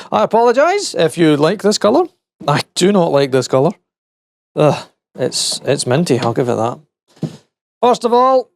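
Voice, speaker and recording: A man's voice: on the high side, dry recording. A man reviewing tech in a casual teardown vlog, rambling and correcting himself with wry asides. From United Kingdom.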